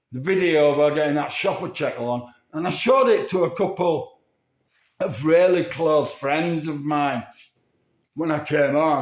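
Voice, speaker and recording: A man speaking straight to someone, rambling and accusing, full of tag questions like "yeah?" and "didn't you?". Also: on the high side. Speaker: vlogger. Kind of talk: addressing someone directly to camera. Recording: echoey room.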